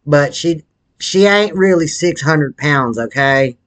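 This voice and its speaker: In a comedy sketch monologue, a man voices a crude, foul-mouthed, obese wannabe rapper who rambles in a profane, slangy drawl while smoking a cigarette. His voice is fairly high and fairly bright, slow, with lively intonation.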